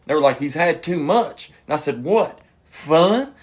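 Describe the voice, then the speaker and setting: Comic, a bit high-voiced, loose and animated, acts out the people in his story. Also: fairly quick. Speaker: stand-up comedian. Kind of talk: casual comedic storytelling.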